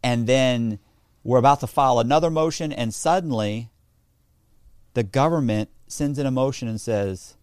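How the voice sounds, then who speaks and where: A man's voice: medium pitch, moderate pace, smooth, dry recording. Rambling man telling a story, dry sound. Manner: rambling, frequent restarts and self-corrections; animated anecdote-telling, mimics others in dialogue. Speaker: interview guest. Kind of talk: casual storytelling.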